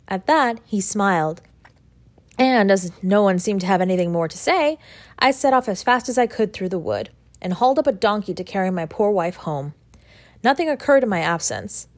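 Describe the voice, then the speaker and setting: Woman narrator, lively pitch, dry close sound, measured literary reading. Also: dry recording. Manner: measured first-person storytelling. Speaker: audiobook reader. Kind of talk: scripted narration of a classic short story.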